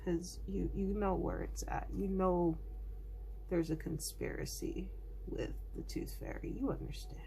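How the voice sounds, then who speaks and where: A woman's voice: on the low side, fairly even intonation, unhurried, creaky, mellow, slight background noise. A woman host narrating her drawing in a casual, jokey art vlog, dropping into whispered asides now and then. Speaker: artist and channel host.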